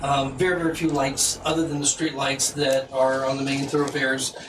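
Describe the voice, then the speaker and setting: A man narrating as game master of a tabletop game, halting with many ums and restarts. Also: mid-range voice, flat delivery, background noise. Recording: echoey room, mic at a distance.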